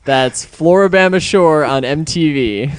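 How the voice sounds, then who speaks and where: A man co-hosting a casual podcast chat, reading a long show description aloud in a measured way. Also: a little high, smooth. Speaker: podcast co-host.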